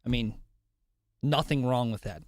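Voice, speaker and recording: A man's voice: medium pitch, measured pace, no room sound, clean studio sound. A man co-hosting a casual podcast who asks questions, jokes around and puts on voices now and then. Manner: joking and laughing, slips into put-on voices. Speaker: podcast co-host.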